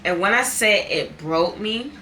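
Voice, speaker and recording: Bright, candid young woman vlogger. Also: mid-range voice, animated, a little slow, a little hiss or hum. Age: young adult. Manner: candid, emphatic, repeats for stress. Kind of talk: casual chat while eating.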